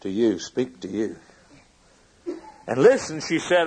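Male preacher, husky voice, fervent sermon, loud bursts and hushed drops. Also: mid-range voice, very animated, a little slow, long pauses, poor audio. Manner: fervent, swings between loud emphasis and hushed lines.

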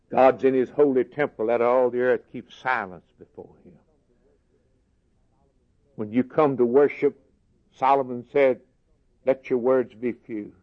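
This is a man preaching, earnest and down to earth. He sits at a middling pitch and moves between quiet, hushed stretches and raised, emphatic lines. The recording is dull and lo-fi, like an old church tape. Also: steady tone, a little slow, long pauses. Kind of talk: sermon.

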